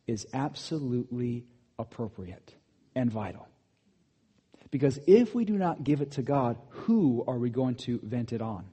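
Animated man preaching in a reverberant hall. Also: fairly high pitch, husky. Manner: animated, shifts between loud emphatic bursts and quiet asides. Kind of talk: sermon.

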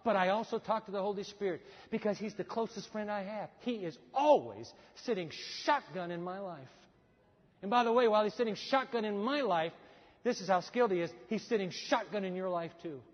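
Brief: high-pitched male pastor, lively acted-out storytelling, muffled hall sound with long reverb. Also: fairly quick. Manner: animated storytelling, acts out quoted voices. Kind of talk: sermon.

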